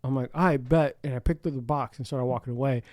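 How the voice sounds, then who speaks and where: Fast-talking swearing podcast host, man. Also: mid-range voice, fairly even intonation, a little mellow, dry recording, clean studio sound. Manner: swears freely, laughs often, acts out quoted voices. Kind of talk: casual podcast chat.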